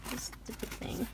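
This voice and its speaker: A young woman vlogger chatting casually through an unboxing, gushing and giggling, often dropping to a soft whisper. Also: slight background noise.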